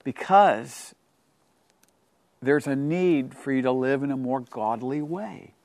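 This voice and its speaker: A middle-aged man preaching a radio sermon, reading scripture aloud and exhorting his listeners in an earnest way, moving from loud declarations to hushed asides. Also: medium pitch, slow pace, no echo. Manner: dynamic, swings from loud to hushed. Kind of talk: radio sermon and Bible teaching.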